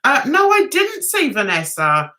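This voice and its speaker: Older lady rambling on her livestream, bright voice, bounces up and down a lot. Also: high-pitched, huge pitch swings, a little slow. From England. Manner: chatty, giggly, rambling. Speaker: livestream host. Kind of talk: casual livestream chat.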